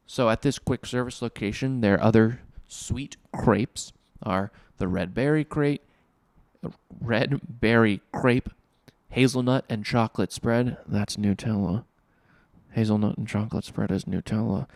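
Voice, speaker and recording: A man's voice: lowish voice, a little mellow, dry recording. A man hosting his own podcast, talking casually and enthusiastically with joking asides as he gives his review. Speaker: podcast host. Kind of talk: casual solo review talk.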